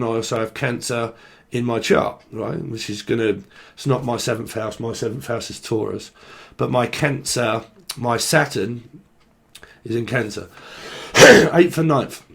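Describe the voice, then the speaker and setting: A man's voice: medium pitch, fairly even intonation, normal speed, gravelly. A young man with a London-area English accent, giving a rambling, swear-filled casual tarot reading. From Britain. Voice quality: swears a lot, slangy and rambling. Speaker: tarot reader. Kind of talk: casual tarot channelling monologue.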